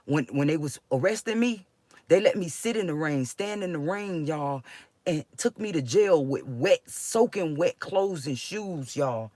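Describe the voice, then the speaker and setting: A woman's voice: low-pitched, animated, measured pace, warm tone. A woman rants straight to her viewers, agitated and swearing, tripping over her words as she restarts sentences. The sound is dry and close, with no room echo. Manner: agitated, profane, rambling with restarts. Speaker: vlogger. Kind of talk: emotional personal venting.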